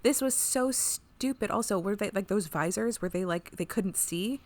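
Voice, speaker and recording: A woman's voice: medium pitch, normal speed, a little mellow. A woman co-hosting a podcast, chatting casually through an episode recap, rambling, laughing often and swearing freely. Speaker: podcast co-host.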